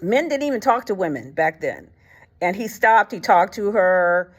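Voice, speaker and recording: A woman's voice: medium pitch, big pitch swings, normal speed. Woman host, casual faith talk, colloquial and blunt, retells stories with acted quotes, frequent fillers.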